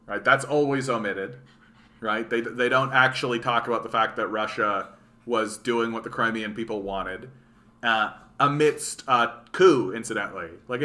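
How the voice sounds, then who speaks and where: A man's voice: medium pitch, bright, forceful tone. A man from Canada giving a casual, profane, sarcastic political rant, reading news aloud and reacting to it. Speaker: political commentary streamer.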